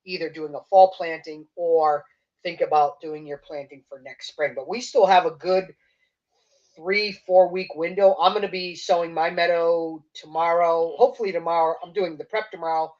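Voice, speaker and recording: A man answering gardening questions as a guest expert on a livestream, enthusiastic and explanatory, his sentences often trailing off softly. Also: on the high side, muffled recording. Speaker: seed company guest expert. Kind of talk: casual livestream interview answers.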